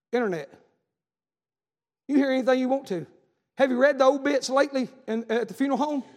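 High-voiced preacher in reverberant hall. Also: male voice. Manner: fervent, repetitive exhortations with folksy asides. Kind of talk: revival sermon with personal testimony. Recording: long reverb of a large hall.

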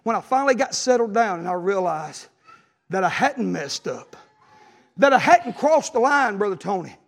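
A man, preaching an impassioned sermon and telling a personal story, shouting at the peaks. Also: extremely high pitch, vocal fry, slightly rough.

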